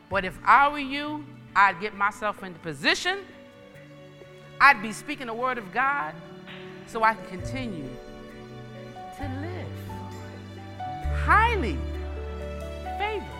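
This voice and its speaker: A woman preaches with a bright, swinging voice that climbs and drops as she drives her points home. Her repetitions come in a rhythmic, emphatic cadence. The sound carries a long reverb, as in a large hall. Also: on the high side, sing-song, takes it slowly, long pauses, faint music behind. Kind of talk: sermon.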